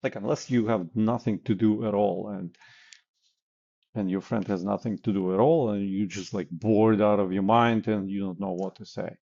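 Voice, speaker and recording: A man's voice: on the low side, normal speed, gravelly, warm tone, lo-fi sound. A man coaching on sales calls in a blunt, casual way, with many fillers and acted example lines. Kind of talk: casual instructional talk.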